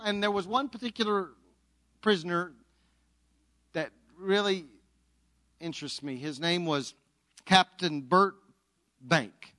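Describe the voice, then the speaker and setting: A man preaching an Easter sermon, telling a story and swinging from loud to hushed. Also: high voice, a little slow, pauses often, dry recording. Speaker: pastor.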